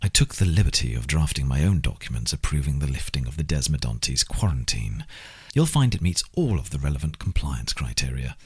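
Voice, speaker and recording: A man's voice: a bass voice, very animated, breathy edge, exaggerated voice. A man doing a sneering oligarch with a thick Slavic accent. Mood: menacing. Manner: slow, smug, menacing. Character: sneering middle-aged male oligarch boss. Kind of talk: audiobook character reading.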